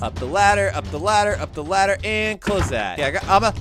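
A young man giving excited gameplay commentary, yelping, laughing and narrating his moves as he plays. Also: high voice, brisk, few pauses. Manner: animated, yelps and laughs often. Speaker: gaming YouTuber.

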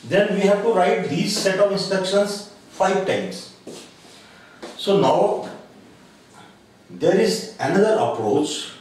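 A man delivers a recorded lecture slowly and deliberately, pausing often and filling gaps with hesitations. His voice sits fairly high. The recording is very echoey, with the speaker well away from the mic and faint noise underneath. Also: expressive, darkish tone. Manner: slow, deliberate explaining with frequent pauses and uh fillers. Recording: very echoey room, voice from a distance, faint background noise.

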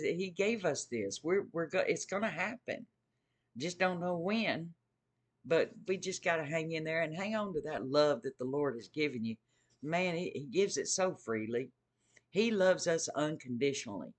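A man preaching informally to his viewers, earnest and eager, often repeating his phrases. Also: on the high side. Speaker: Christian video host.

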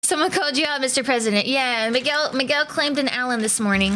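A woman's voice: high-pitched, quick pace, hardly any pauses, pushed and bright, slight background noise. A woman streamer chatting casually with her live viewers, greeting them by name in playful slang. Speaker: Twitch streamer.

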